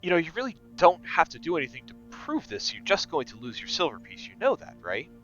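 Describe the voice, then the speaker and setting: A tired, muscle-bound half-orc woman voiced by a man who sighs through her lines, flat and unimpressed. She speaks at an even middle pitch, and the sound is slightly muffled. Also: a little fast, soft background music. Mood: weary. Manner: flat, bored, sighing. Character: weary, strong female half-orc arm-wrestler.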